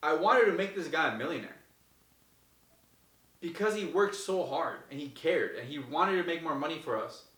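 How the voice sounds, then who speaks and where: A man giving casual, energetic advice to viewers as host, repeating himself and acting out the people in his stories. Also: a little high, normal speed. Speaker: host answering viewer questions. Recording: echoey room, mic far off.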